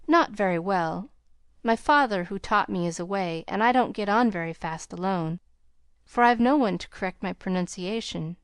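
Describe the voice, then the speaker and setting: A woman's voice: medium pitch, expressive, normal speed, clear, resonant tone, no echo, studio quality, close to an everyday voice. A woman voicing a bashful, sweet young governess in an audiobook, speaking timidly and earnestly.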